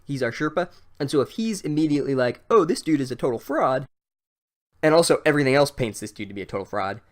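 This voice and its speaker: Male podcast host, comedic book recap; sarcastic, profane, rambling, mid pitch.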